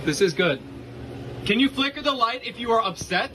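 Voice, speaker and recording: A young man with a high, lively voice talks out of breath from inside a walk-in freezer, half joking as he calls out to spirits. His phone recording is noisy, with a humming cooling system behind him. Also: moderate pace. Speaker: restaurant worker. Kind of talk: casual phone-camera clip. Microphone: phone camera. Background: refrigeration hum.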